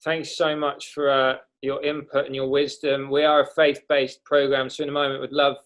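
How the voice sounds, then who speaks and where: A man's voice: medium pitch, little pitch movement, normal speed, fairly bright tone. A male podcast host who interviews a guest in a courteous, encouraging manner. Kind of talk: interview hosting.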